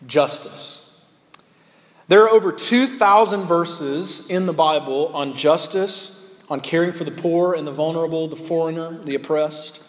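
A pastor preaching a sermon in a candid, conversational way, building points by repetition. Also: male voice, fairly high pitch, moderate pace. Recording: long reverb of a large hall.

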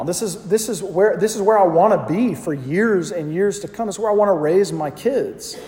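A Southern pastor in his thirties, from the American South, delivers a conversational sermon in an echoey hall, telling stories and calling out to the congregation. His voice is high, dark in tone, and animated, moving at normal speed with hardly any pauses.

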